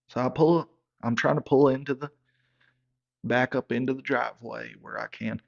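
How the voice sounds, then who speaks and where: A man telling a comic story in a folksy, deadpan manner. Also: medium pitch, unhurried, gravelly, long pauses. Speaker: comedic storyteller. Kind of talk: comedic character monologue. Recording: slightly dull lo-fi sound.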